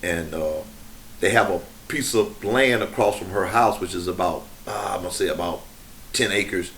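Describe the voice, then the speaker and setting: A middle-aged man with a low-pitched voice talks casually on a podcast, drawing out an unhurried anecdote and circling back over his words as he goes. A faint hiss sits under the recording. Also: fairly bright tone. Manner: unhurried storytelling with frequent restarts. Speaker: podcast host.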